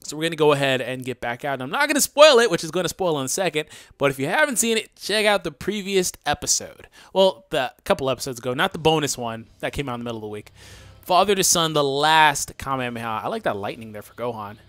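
A young man hosting a let's play, chatting casually to viewers and reacting loudly to the game, his voice groggy today. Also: on the high side, lively intonation, fast, dry recording. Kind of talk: casual gameplay commentary.

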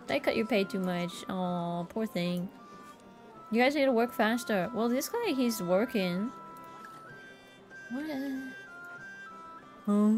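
Slow-talking playful woman game streamer. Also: medium pitch, expressive, darkish tone, faint music behind. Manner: playful, jokingly bossy, talks to herself. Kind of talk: casual gameplay commentary.

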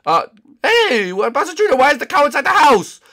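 A man voicing a short-tempered male cook in a game role-play, yelling and scolding. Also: very high-pitched, big pitch swings, fairly quick, voice pushed up, heavily acted. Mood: cranky.

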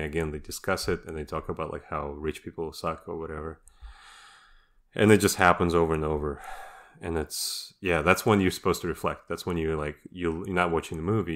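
A man with an exceptionally deep voice talks through a casual podcast discussion. His manner is sardonic and mocking. He sounds like a guest offering cutting opinions.

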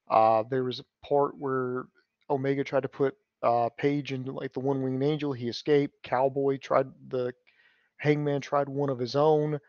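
A man's voice: mid-range voice, no room sound. A man co-hosting a wrestling review, walking through a match step by step with plenty of uhs. His voice sounds a little dull and lo-fi, and the sound is dry. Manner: steady play-by-play summary with filler uhs. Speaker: co-host. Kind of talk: match recap.

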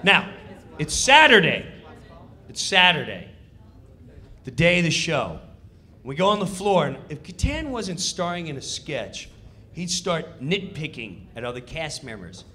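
A comedian tells a backstage story with a bright, forceful voice that sits high for a man. His pitch leaps around as he gets excited. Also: unhurried, long pauses. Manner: animated and excitable. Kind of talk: stand-up storytelling.

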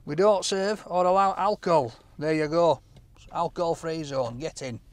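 A man hosting a food vlog, joking and calling out loudly while he drives and walks about. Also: a little high, normal speed. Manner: jokey, loud exclamations. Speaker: food vlogger host. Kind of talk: casual vlog chat. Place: car, then outdoors. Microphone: camera held by a cameraman.

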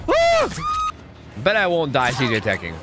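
A man's voice: medium pitch, normal speed, very noisy. A man streaming a game, chatting casually, joking and swearing a lot as he plays. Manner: excitable, swears a lot, jokey. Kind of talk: casual gameplay commentary.

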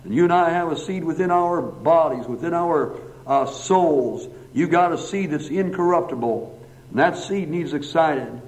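A man's voice: fairly high pitch, normal speed, darkish tone. A man preaching a sermon in a church hall, then praying, with emphatic rising phrases and long repeated lists. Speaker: pastor. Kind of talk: sermon and prayer. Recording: dull lo-fi church recording.

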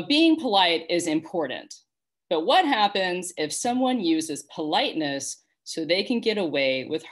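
A woman leading worship, reflecting on a children's story in a calm, earnest, explanatory sermon. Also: low voice. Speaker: worship leader.

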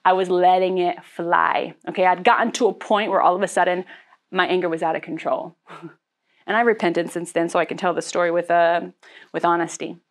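A woman's voice: lowish voice, fairly even intonation, fairly quick. A woman pastor giving a sermon in a candid, conversational way, with frequent fillers and laughs.

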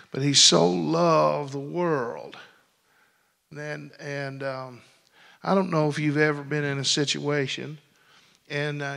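A man's voice: on the high side, gravelly, a bit bright, long reverb tail. A man preaching a sermon as pastor in a church, folksy and rambling. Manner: folksy, rambling with many restarts. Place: church sanctuary.

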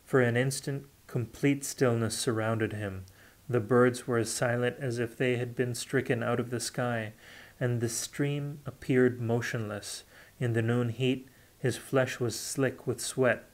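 A man reading a fantasy novel aloud unrehearsed, steady with occasional self-corrections. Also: mid-range voice, unhurried. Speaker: audiobook reader. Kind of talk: unrehearsed audiobook narration.

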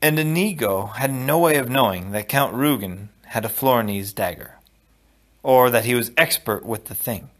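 A man with a mid-range voice reads a novel aloud as an audiobook reader, giving it a steady, measured storybook narration.

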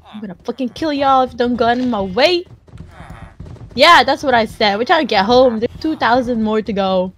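A young Filipino woman with a Filipino accent, giving profane, dramatic commentary and shouting at animals in a game. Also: on the high side, animated, normal speed. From Philippines. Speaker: gamer. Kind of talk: casual gameplay commentary.

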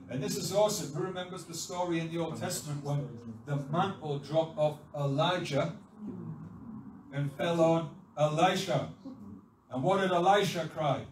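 A man preaching a sermon, emphatic and insistent, repeating his phrases with rising force. His voice sits fairly high and is picked up from a distance, so it rings around an echoey church hall. Steady room noise sits under the recording. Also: normal speed, crowd noise. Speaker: pastor. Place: church service.

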